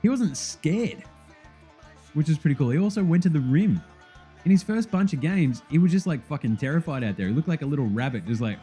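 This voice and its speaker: Excitable, swearing Australian sports host. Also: male voice, a little high, brisk, soft background music. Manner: excitable, swears freely, laughs often. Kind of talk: casual sports commentary.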